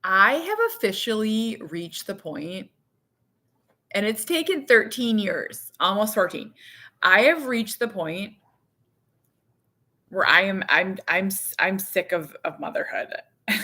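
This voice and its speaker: A woman's voice: mid-range voice, lively intonation, slow, long pauses, pushed and bright. A woman in her thirties talking casually to camera as a mother and vlogger, frank and self-mocking, with lots of fillers. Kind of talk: casual candid chat to camera.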